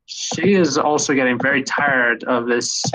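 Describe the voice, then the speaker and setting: A man running a tabletop game as game master, thinking aloud with hesitant pauses. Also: mid-range voice, background noise.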